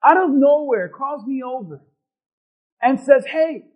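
A man's voice: extremely high pitch, lively intonation, a little slow, lo-fi sound. A man preaching as a pastor, telling a personal story and calling for responses from the congregation. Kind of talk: sermon.

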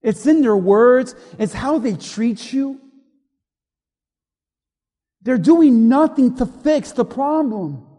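Pastor, male, very high voice, emphatic sermon delivery, long church-hall reverb. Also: animated, slow pace, long pauses. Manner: emphatic preaching, swinging from loud to hushed.

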